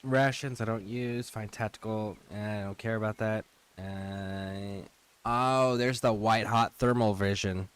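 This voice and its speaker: A man with a fairly low voice talks casually over a game stream. He reads out menu options and drifts into loose, profane tangents. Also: fairly even intonation, measured pace, clean tone. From United States. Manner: loose, profane, chatty asides while browsing menus. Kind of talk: casual gameplay commentary.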